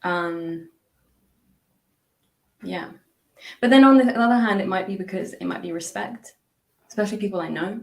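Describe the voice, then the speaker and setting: A woman's voice: mid-range voice, normal speed, vocal fry, long pauses. A woman guest on a podcast, talking casually and reflectively, chatty with frequent laughs and lots of fillers and restarts. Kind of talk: casual reflective interview talk.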